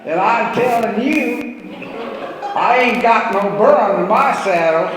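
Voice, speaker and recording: Guy doing a loud stubborn southern cowboy drawl, high and pushy, big echoey hall. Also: measured pace, far from the mic, a crowd in the background. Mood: defiant. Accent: American Southern (put on). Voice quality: drawling, emphatic. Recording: echoey hall, long reverb, faint hum.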